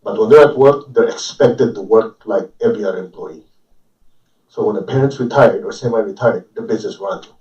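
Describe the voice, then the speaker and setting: A man's voice: fairly low pitch, dark tone. Male spiritual teacher, casual sermon, dull lo-fi room recording. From Chinese family. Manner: joking, asks the audience questions. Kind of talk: informal sermon to a group. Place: room with a live audience. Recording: distant, roomy, dull live recording.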